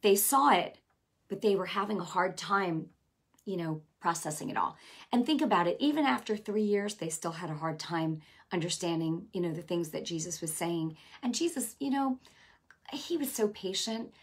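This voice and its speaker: A woman preaching a casual, animated sermon, repeating phrases and adding quick asides. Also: lowish voice, breathy edge.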